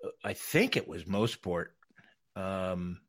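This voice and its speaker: A man, a racing broadcaster, telling stories in a casual panel chat, halting with frequent restarts and laughter. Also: low voice.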